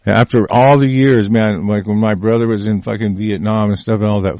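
An older man rants on camera in a heated, rambling political tirade, swearing constantly and breaking off to restart his sentences. His voice sits on the low side, and the recording is close and dry. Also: steady tone, brisk, hardly any pauses, darkish tone, no echo. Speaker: vlogger. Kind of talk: profane political rant.

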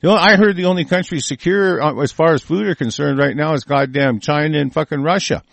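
A man's voice: fairly high pitch, fairly quick, gravelly, a bit bright, dry recording. A man delivering an angry, profane political rant, combative and swearing constantly. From United States.

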